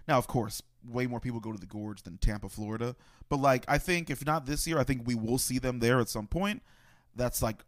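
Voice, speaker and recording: Man, podcast co-host, laid-back, slangy, casual chat, mid pitch.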